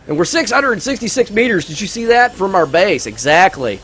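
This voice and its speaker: A man casually chatting over a video game while retelling a movie plot, rambling and excitable, with lots of fillers. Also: a little high, moderate pace, slight background noise. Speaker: gaming YouTuber. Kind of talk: casual gameplay commentary with movie review.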